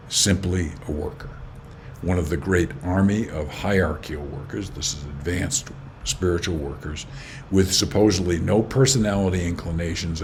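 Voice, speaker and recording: A man hosting a spiritual teaching channel, reading quotes and explaining them in an unhurried, emphatic way, often checking in with "okay?". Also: low voice, a little mellow, a little hiss or hum. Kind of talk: reflective spoken commentary on quoted teachings.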